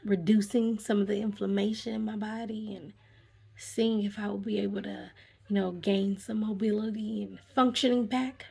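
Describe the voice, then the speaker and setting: A woman who works as a therapist talks to camera in a casual, animated way, telling a personal story. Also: mid-range voice, moderate pace, gravelly, slightly rough. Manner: animated, conversational, acts out her own reactions. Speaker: vlogger.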